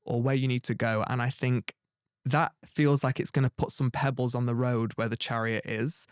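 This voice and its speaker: A man's voice: mid-range voice, steady tone, moderate pace, smooth, no echo, clean studio sound. A man giving a tarot reading, talking in a rambling, earnest way full of "like" and restarts. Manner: rambling, many "like" fillers and restarts; earnest and reassuring. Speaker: tarot reader.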